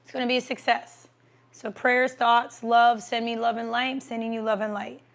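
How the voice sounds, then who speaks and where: A chatty woman hosting a casual livestream, answering viewer comments while she eats. Her voice sits a bit high and carries a gravelly, fry-tinged edge. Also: little pitch movement, normal speed, fairly bright tone. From American Midwest. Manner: chatty, reads comments aloud, talks while eating.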